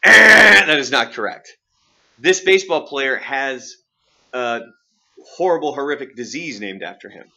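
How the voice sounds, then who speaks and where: A man's voice: mid-range voice, expressive, normal speed, bright, forceful tone. A man from Oregon hosting a radio show, teasingly quizzing his co-host in casual banter. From Oregon, USA. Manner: playful, teasing quizmaster.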